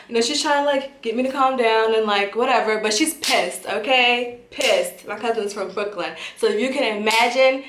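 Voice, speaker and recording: A young adult woman telling a story time in a vlog, animated and dramatic, often breaking into laughter. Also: fairly high pitch, moderate pace, few pauses. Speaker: vlogger. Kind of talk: casual storytelling. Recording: roomy echo.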